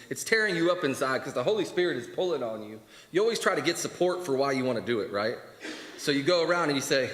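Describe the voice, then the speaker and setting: A man leading a church Bible class in a candid, animated way, acting out quoted voices. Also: medium pitch. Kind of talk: conversational church teaching. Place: church hall. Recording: echoey church hall, live stream.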